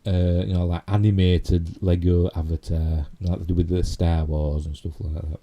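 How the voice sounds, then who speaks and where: A man's voice: deep voice, little pitch movement, normal speed, muffled recording. A middle-aged man with a Yorkshire accent, hosting a casual live stream and rambling chattily with self-mocking asides. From Yorkshire, England. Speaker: YouTube host.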